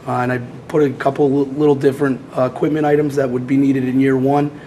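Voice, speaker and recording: A hoarse man with a cold presenting as athletic director at a public meeting, halting with many fillers. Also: medium pitch, level tone, dark tone, slight background noise, low-quality recording.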